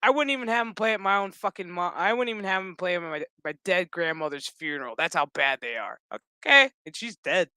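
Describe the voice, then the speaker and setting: A man's voice: high-pitched, expressive, fast, hardly any pauses, pushed and bright, clean tone, dry recording. A man giving a casual, profane, rambling episode recap with sarcastic asides. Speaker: show recap host.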